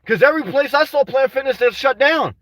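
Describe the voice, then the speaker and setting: A young man on a casual livestream, reading chat aloud and talking restlessly, tacking "man" onto almost every line and now and then rising to shouts. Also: very high voice, expressive, fast talker, no room sound, far from the mic. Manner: restless, says "man" constantly, swings to shouting. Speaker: vlogger reading live chat.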